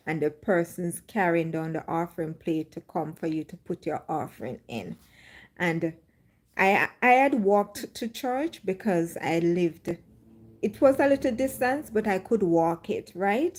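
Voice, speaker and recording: Slow-speaking woman giving testimony. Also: fairly low pitch, darkish tone. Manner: slow storytelling, dramatic re-enactments. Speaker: livestream host. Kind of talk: faith testimony on a livestream.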